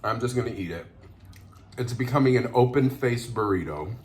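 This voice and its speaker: A man's voice: mid-range voice, normal speed, a little hiss or hum. A man vlogger eating on camera while telling a story, chatty and laughing, mixing in Spanish words. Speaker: mukbang vlogger.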